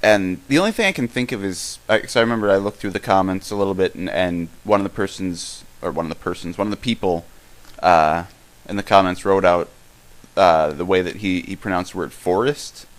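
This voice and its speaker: Young male podcast co-host, deep voice, rambling casual chatter. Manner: rambling, halting, many restarts. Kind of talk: casual live-stream Q&A chat.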